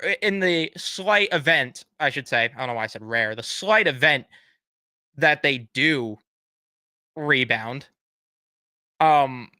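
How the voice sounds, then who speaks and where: A man's voice: on the high side, pushed and bright, no room sound. A young man live streaming as a fan, ranting casually with blunt swearing and sarcastic mock apologies.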